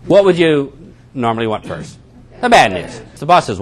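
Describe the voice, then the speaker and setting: A man's voice: medium pitch, sing-song, moderate pace. A man giving a seminar talk to a live audience as a network marketing trainer, telling a story and acting out everyday dialogue.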